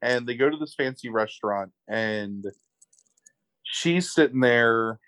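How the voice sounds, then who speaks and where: A man casually recapping a movie plot on a podcast, swearing freely and telling it with lively energy. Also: mid-range voice, unhurried, no room sound, poor audio. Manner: profane, animated retelling with acted quotes. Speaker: podcast co-host.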